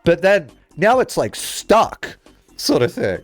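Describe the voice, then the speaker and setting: Animated male streamer telling a rambling story. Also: high-pitched, slow pace. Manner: animated, rambling, swears, lots of "like". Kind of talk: casual storytelling chat while playing a game.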